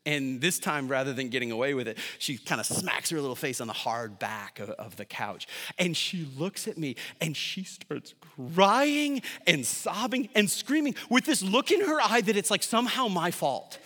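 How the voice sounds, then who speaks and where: A pastor in his thirties preaches in a large church hall, animated and conversational, dropping jokey asides to the congregation and tagging points with a constant "right?" His voice is a little high, and the recording carries long hall reverb.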